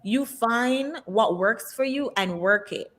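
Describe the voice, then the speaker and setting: Being interviewed casually, this woman is frank and strongly opinionated, leaning heavily on um's and likes. She takes her time, speaking in a slightly high, somewhat bright voice.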